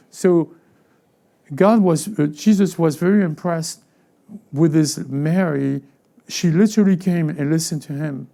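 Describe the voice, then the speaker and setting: Guy preaching a sermon, kinda high, mellow voice, keeps stammering and restarting. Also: creaky. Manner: halting, with frequent stammered restarts and repeated words; conversational preaching, acting out everyday voices. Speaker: lead pastor.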